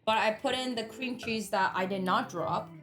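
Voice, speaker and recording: A woman's voice: fairly high pitch, moderate pace, a bit bright. A woman cooking on a live stream, chatting casually and talking through recipe steps with easy amusement.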